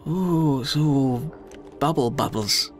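A man giving chatty, emotional let's play commentary, often squealing up high in excitement. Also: takes it slowly, soft background music.

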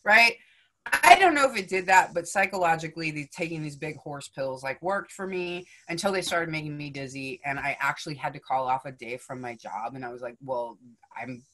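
Bright, forceful woman telling a story. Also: sits low, fairly quick. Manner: animated, blunt and profane, peppered with "right?" and "you know?". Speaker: podcast guest. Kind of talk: casual storytelling chat.

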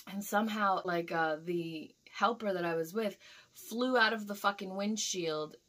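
Bright, animated young woman vlogger. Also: mid-range voice, measured pace. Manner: animated, swears freely, acts out the scenes. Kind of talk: casual dream storytelling.

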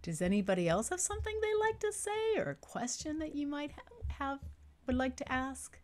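A middle-aged woman storyteller guiding young children through a simple craft and answering their questions slowly and clearly. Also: sits high, sing-song. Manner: warm, patient, slow and clear for young children.

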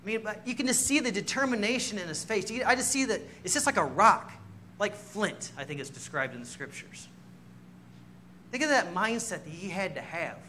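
A man delivering a sermon in a church, his voice pitched high and ringing bright. He preaches in a storytelling way, mocks himself and laughs often, with a faint hum behind him. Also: animated, brisk. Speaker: pastor. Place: church sanctuary.

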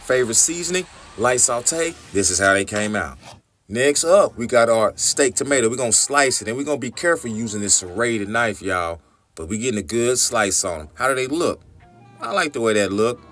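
A man's voice: mid-range voice, animated, brisk, fairly bright tone, soft background music. A man, narrating a recipe tutorial for his cooking channel in an upbeat, chatty way, often calling his viewers y'all.

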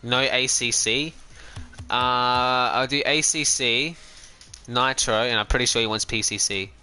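A man's voice: medium pitch, measured pace, pushed and bright, smooth. An Australian man streaming a game live, chatting casually and rambling between trades with his viewers. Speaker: gaming streamer. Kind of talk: casual live-stream chat while trading. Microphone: personal streaming mic.

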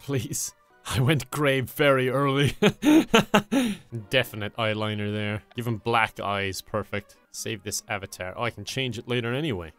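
A man's voice: medium pitch, lively intonation, measured pace, a bit bright, dry recording, soft background music. A young man in his twenties giving joking, sarcastic commentary while playing a game. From Ireland. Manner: sarcastic, joking, laughs at himself. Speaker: gaming YouTuber. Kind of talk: comedic let's-play commentary.

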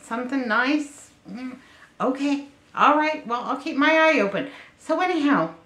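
A woman telling a personal story in a chatty, animated way, acting out what others said in her own voice. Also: on the high side. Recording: echoey room with faint noise.

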